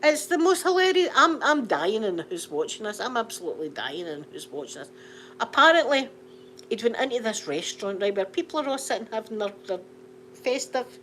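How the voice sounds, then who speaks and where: A Scottish woman telling funny stories in an animated, repetitive way, laughing along as she talks. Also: a little high, fairly quick, slight background noise. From Scotland. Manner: animated, laughing, repeats phrases for comic effect. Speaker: channel host. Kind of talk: casual storytelling chat.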